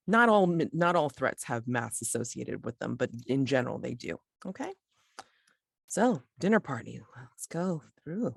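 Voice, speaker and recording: A mid-pitched game master explains rules in a loose, rambling way, full of fillers and restarts. The sound is dry and close, with no room around the voice. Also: big pitch swings, unhurried, vocal fry, breathy edge, dry recording. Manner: casual, rambling with many fillers. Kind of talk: running a tabletop game.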